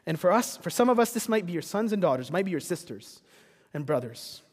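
A man's voice: sits high, sing-song, fairly quick, breathy edge. A man preaching a sermon as pastor, earnest and rising to passionate rhetorical questions. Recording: long reverb of a church hall.

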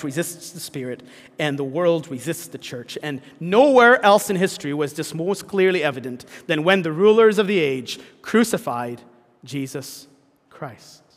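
A man's voice: a little high, expressive, normal speed, big-room sound. A man preaching a sermon in an earnest way, with frequent restarts and fillers. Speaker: pastor.

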